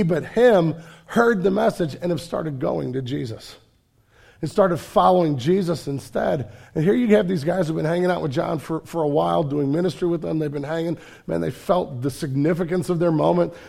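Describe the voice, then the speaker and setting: Gravelly high-voiced casual pastor. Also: male voice, darkish tone. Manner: casual, storytelling, with fillers and repeated words. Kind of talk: sermon.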